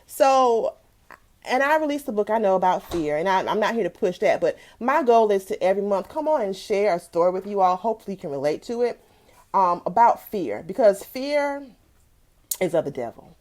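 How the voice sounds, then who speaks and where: A woman's voice: mid-range voice, sing-song, moderate pace, a little mellow. A woman in her thirties from South Carolina telling a personal story on a live stream, greeting viewers by name as she goes. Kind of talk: casual testimonial talk.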